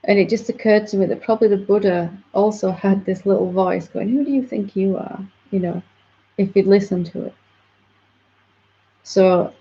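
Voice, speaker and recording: Gravelly low-voiced woman teacher. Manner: gentle, reflective, explaining patiently. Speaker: spiritual teacher. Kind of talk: satsang dialogue. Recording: dull lo-fi audio.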